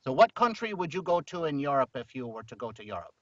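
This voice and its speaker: A man's voice: mid-range voice, big pitch swings, fairly bright tone, dry recording, highs cut off. A man hosting a podcast, rambling playfully through an improvised comic chat. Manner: playful, rambling, quick to joke. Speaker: podcast host.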